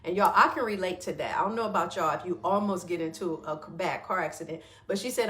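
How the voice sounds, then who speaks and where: Woman talking warmly to listeners. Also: on the low side, quick pace, hardly any pauses, reverberant, slight background noise. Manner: warm conversational, often checks in with listeners. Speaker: wellness teacher and host. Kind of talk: casual spoken reflection and guided practice.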